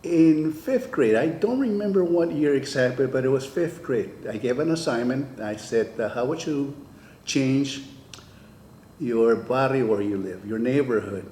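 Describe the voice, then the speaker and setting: A man's voice: medium pitch, animated, measured pace, mellow, echoey room, slight background noise. An older man, a retired teacher, telling his memories in an oral history interview, acting out the dialogue he recalls. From California. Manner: storytelling, acts out quoted dialogue.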